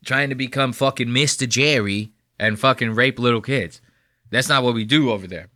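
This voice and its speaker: A man's voice: mid-range voice, moderate pace, bright, forceful tone, dry recording, clean studio sound. A man in his thirties from New Jersey, casually ranting and cursing in sarcastic reaction commentary. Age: 30s. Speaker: commentary host.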